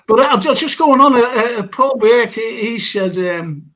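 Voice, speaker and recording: A man's voice: extremely high pitch, animated, moderate pace, fairly bright tone, low-quality recording. A man, hosting a podcast and telling a rambling anecdote, often laughing as he talks. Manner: rambling storyteller, laughs while talking. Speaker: podcast host.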